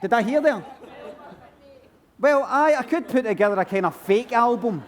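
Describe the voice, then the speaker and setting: A man's voice: very high voice, animated, moderate pace, a faint crowd. A Glaswegian man answering audience questions on stage in a rambling, self-mocking way. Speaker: comedian guest at book festival. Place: stage at a book festival.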